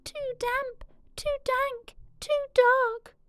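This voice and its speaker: A tiny squeaky mouse, as a woman puts him on. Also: flat delivery, very slow, a bit bright, dry recording, studio quality, exaggerated voice. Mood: fussy. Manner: squeaky and fussing. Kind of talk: children's storybook reading.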